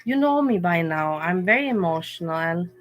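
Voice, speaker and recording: A woman's voice: on the low side, animated, moderate pace. Candid, rambling woman streamer. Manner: candid, rambling, emotional storytelling. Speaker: livestream host. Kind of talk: casual livestream chat.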